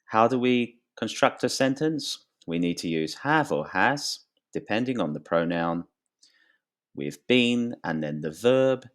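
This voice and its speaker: A man with a deep, low voice teaches English grammar at an unhurried pace. He explains each point slowly and clearly, his voice rising on questions to draw the viewer in. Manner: slow, clear and lively, rising pitch on questions. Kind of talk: grammar lesson to camera.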